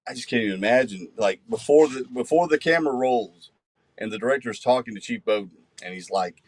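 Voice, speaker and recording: A man, co-hosting a podcast in animated, emphatic casual chat. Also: medium pitch, a little fast, no room sound. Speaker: podcast co-host.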